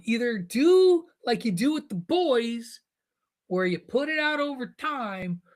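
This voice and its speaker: Animated high-voiced podcast host. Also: male voice. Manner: animated, emphatic, jokey. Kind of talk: casual pop-culture chat.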